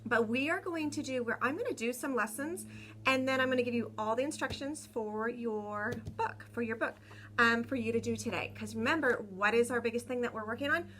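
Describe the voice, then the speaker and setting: A young woman teaching a remote lesson to small children. She speaks slowly and clearly, repeating each word and cheering the class on. Her voice sits a little high. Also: fairly bright tone, slight background noise. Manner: encouraging, slow and clear, repeats words. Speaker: kindergarten teacher. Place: home room with a window.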